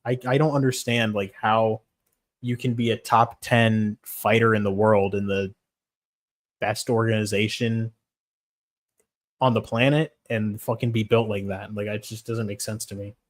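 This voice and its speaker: A man's voice: fairly low pitch, little pitch movement, unhurried. Profane man streaming fight picks. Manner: profane, blunt, rambling. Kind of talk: casual livestream chat about fights.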